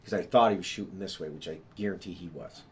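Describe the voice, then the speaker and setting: A man's voice: low-pitched, slight background noise. Rambling man giving a police statement. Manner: rambling, fast, restarts and sketches a map as he talks. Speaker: witness being interviewed by police.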